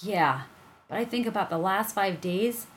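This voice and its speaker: A woman reading aloud, voicing a boy in a higher, louder voice. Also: animated, unhurried, lightly acted. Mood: rueful. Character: boy, upset and excitable.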